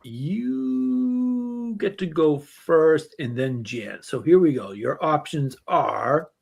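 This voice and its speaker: A man's voice: on the high side, slow pace, creaky. A man hosting a casual group podcast, keeping time and laughing along with the panel. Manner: animated, laughing, calls time. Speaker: podcast host. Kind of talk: casual group game show chat.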